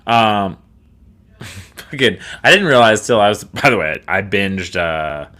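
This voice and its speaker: A young man in a relaxed podcast chat, with a low-pitched voice and a bright, forceful edge. He rambles loosely and laughs often, drifting off topic. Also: slow pace. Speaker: podcast co-host. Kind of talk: casual chat.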